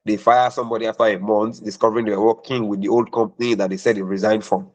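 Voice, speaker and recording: A man's voice: lowish voice, flat delivery, fast, rough recording. A man talking as a career mentor in a question-and-answer session, emphatic and preachy, repeating points for stress.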